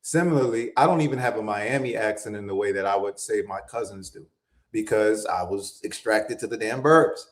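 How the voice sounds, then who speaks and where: A man's voice: fairly low pitch, fairly quick. Thoughtful male host, roomy sound. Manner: thoughtful, explaining points. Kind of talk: casual chat. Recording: roomy echo.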